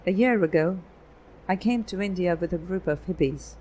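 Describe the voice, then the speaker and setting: A woman reading as a calm German-raised photographer. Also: lowish voice, a little hiss or hum, natural voice, rough recording. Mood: earnest. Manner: measured, explanatory storytelling.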